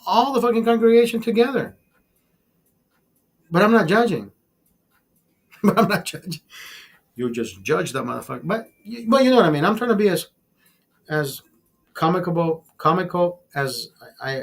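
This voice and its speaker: A livestream host with a high voice goes on a casual, profane rant. Emphatic throughout, he calls his listeners brother and keeps repeating and restarting words.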